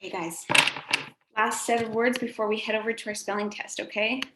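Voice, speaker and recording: A woman's voice: a little high, flat delivery, a little fast. A woman teacher giving a recorded phonics lesson to a class, encouraging and sing-song, drawing out words for the children to repeat. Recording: echoey room, faint background noise.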